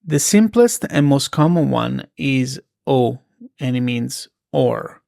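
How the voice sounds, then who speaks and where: A man with an Italian accent teaching a grammar lesson, repeating his example phrases slowly and carefully. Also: medium pitch, animated, creaky, mellow, dry recording, studio quality. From Italy.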